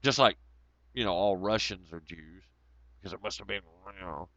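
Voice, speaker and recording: A man's voice: sits low, normal speed, a bit bright, dry recording. A man hosting a casual livestream, reading chat comments aloud and rambling in a profane, sarcastic way. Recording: dull lo-fi audio.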